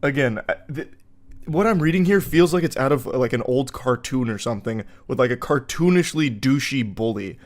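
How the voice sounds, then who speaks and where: A man's voice: medium pitch, animated, normal speed. A man hosting a comedic commentary video, reading forum posts aloud and riffing on them in a sarcastic, incredulous way with plenty of filler words.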